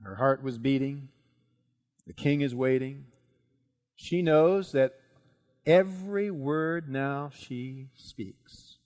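A man preaching a sermon as dramatic storytelling, swinging between loud and hushed. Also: fairly high pitch.

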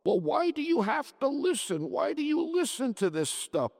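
A man's voice: extremely high pitch, sing-song, measured pace, vocal fry, big-room sound, heavily acted. A man voicing an irritable, tired husband in a dramatic story reading, exasperated and bitter. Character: weary, irritable middle-aged husband.

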